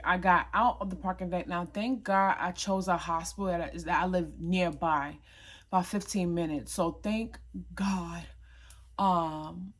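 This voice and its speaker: A young woman, retelling a personal story in a casual, emphatic vlog style. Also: on the low side. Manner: animated, emphatic retelling with quoted dialogue. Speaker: vlogger.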